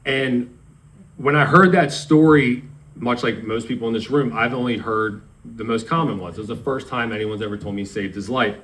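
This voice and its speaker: A man's voice: mid-range voice, moderate pace, a bit bright, rough recording. A man in his thirties from Maryland giving a eulogy for his grandfather, telling a story and acting out the quoted dialogue. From Maryland, USA. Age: 30s. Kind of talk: memorial speech. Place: memorial service.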